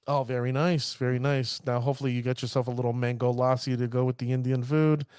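A man hosting a casual podcast, talking like a showman with hype and drawn-out emphasis. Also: medium pitch, flat delivery, darkish tone, smooth, dry recording, clean studio sound. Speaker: podcast host.

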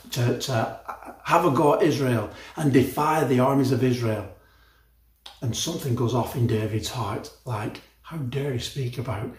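A man's voice: medium pitch, darkish tone. A man preaching a sermon, retelling a story in a chatty way, often restarting his phrases. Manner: conversational storytelling with frequent restarts. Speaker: pastor. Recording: echoey room from far off.

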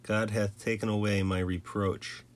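An envious, childless ancient wife, read by a man. The delivery is low-pitched and plain, a steady storybook reading. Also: measured pace, natural voice. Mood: pleading.

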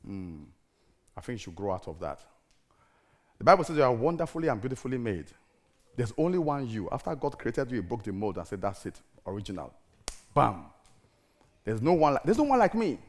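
A man's voice: mid-range voice, fairly quick, long pauses. Theatrical middle-aged male preacher. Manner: animated, theatrical, full of rhetorical questions. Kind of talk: sermon.

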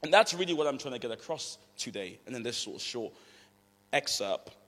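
Man, preacher, chatty animated storytelling, mid pitch, long hall reverb. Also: fairly quick. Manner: conversational, animated storytelling, acts out quotes. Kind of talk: sermon with personal stories.

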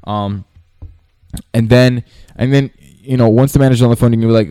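A man's voice: mid-range voice, steady tone, brisk, dark tone, clean tone, no echo. A man giving a casual sales tutorial, rambling with many restarts and fillers. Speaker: sales coach. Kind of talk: casual talking-head tutorial.

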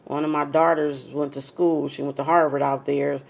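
Brief: middle-aged host, mid-pitched voice, relaxed slangy interviewer. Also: moderate pace, gravelly. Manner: easygoing, affirming with "mm-hmm" and slang. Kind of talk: casual interview.

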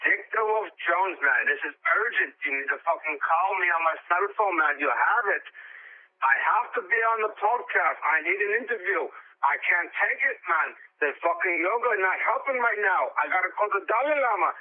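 A high, furious male caller ranting down a tinny phone line, as a man acts him out. He swears constantly, keeps saying "man" and demands a call back. The line is thin and narrow. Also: expressive, moderate pace. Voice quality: agitated, swearing, repeating "man".

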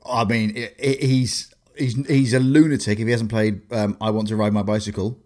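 A man in casual chat, excitable and quick to exclaim. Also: lowish voice.

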